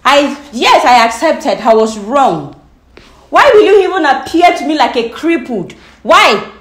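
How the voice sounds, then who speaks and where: High, lively angry woman. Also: a little slow, reverberant. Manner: angry, raising her voice. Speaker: girlfriend being tested. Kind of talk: heated argument.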